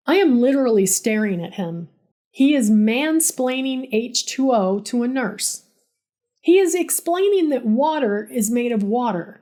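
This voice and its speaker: A woman's voice: fairly high pitch, expressive, unhurried, dark tone. A woman who works as a nurse, narrating a first-person story in a dry, sarcastic, exasperated way.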